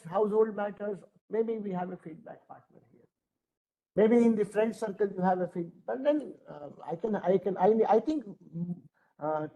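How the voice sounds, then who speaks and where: Trainer, male, middle-aged, Indian English accent; high pitch, emphatic, repeats points for effect. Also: darkish tone, low-quality recording. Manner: earnest, emphatic, repeats phrases. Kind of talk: lecture to adults.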